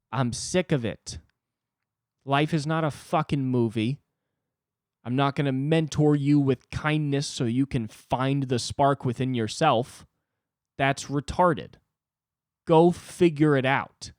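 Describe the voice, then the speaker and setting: A man in his twenties hosting a solo comedy podcast, ranting in an agitated, profane way with sudden jumps in pitch. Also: no room sound, clean studio sound. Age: 20s. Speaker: podcast host.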